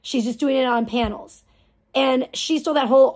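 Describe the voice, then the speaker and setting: A woman's voice: sits high, brisk. Foul-mouthed woman streamer ranting scornfully. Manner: profane, scornful, mocking. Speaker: live streamer. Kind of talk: angry ranting live stream.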